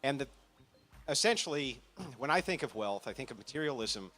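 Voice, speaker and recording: A man on a panel explaining his views in an earnest, measured, moralizing way. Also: medium pitch, expressive, sharp tone, faint music behind. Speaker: panel guest.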